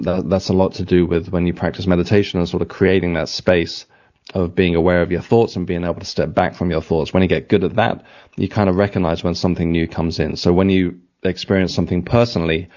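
A deep-voiced Englishman answers radio interview questions, reflective and halting, circling his thoughts with ums and restarts. His line sounds dull and lo-fi. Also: a little mellow. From England. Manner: reflective, halting, frequent fillers and self-corrections. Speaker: author and interview guest.

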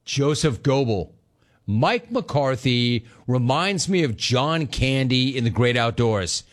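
A man's voice: mid-range voice, expressive, slow. A man hosting a sports talk radio show, delivering a sarcastic, mocking monologue and reading listener messages. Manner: sarcastic, mocking, laughing at callers.

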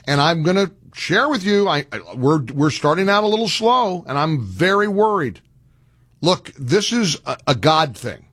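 A man's voice: a little high, sing-song, moderate pace, a bit bright, slightly rough, no echo, studio quality. A male radio talk show host making an earnest, pleading appeal, often restarting his sentences.

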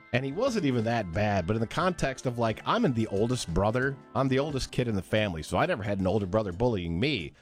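Brief: lively man, low voice, swoops in pitch as he acts out lines, faint music under him. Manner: animated storyteller, acts out quotes. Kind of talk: casual podcast chat.

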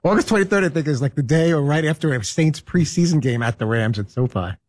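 A man's voice: on the high side, animated, a little mellow, no room sound. A man on a sports talk show crew, talking playfully with the host and the others. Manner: fast and playful. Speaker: show regular. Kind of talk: casual studio banter.

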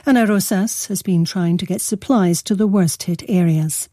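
A woman newsreader reading a news bulletin in a measured, formal way. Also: on the low side, mellow, no room sound, clean studio sound.

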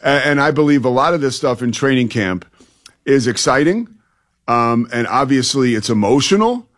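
A man's voice: medium pitch, expressive, moderate pace, fairly bright tone. A man co-hosting a sports talk radio show, giving firm, emphatic opinions into a studio mic.

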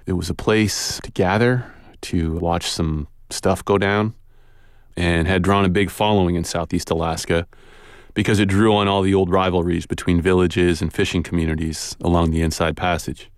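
A man telling a personal story in a relaxed, conversational way, with casual fillers and pauses. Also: low voice, no echo. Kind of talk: personal story told aloud. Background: guitar music.

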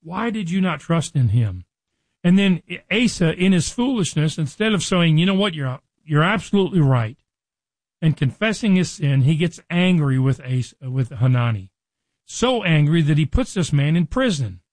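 A man preaching, retelling a Bible story and acting out its dialogue with lively quoted lines. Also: on the high side, moderate pace, no echo. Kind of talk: Bible teaching.

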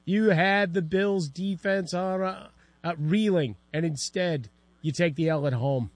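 Male radio co-host, quick quips. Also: high-pitched, no echo. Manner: quick wisecracks and short reactions. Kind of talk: sports radio banter. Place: radio studio.

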